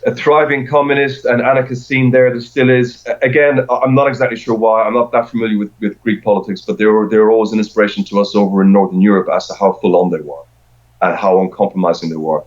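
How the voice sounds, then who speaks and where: A middle-aged man speaks in a very low register, chatting loosely and circling back over his own words as he goes. The recording sounds dull and lo-fi. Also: flat delivery, fast. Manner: rambling, with frequent repeated words and restarts. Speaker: podcast guest. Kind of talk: casual conversation.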